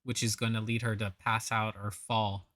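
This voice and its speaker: Sharp, sarcastic reaction commentator. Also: mid-range voice, little pitch movement, normal speed, no room sound, clean studio sound. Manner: mocking, blunt, swears casually.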